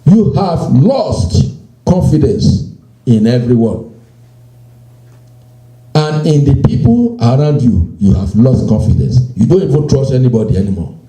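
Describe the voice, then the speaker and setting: A man preaching a sermon, slow and emphatic, repeating phrases and quoting scripture. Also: mid-range voice, big pitch swings, dark tone, reverberant, rough recording. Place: church.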